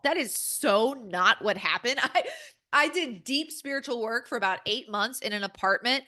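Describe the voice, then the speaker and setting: A woman's voice: a little high, lively intonation, moderate pace, pushed and bright. A woman speaking as a podcast guest, candid and emphatic, acting out her own inner dialogue as she talks.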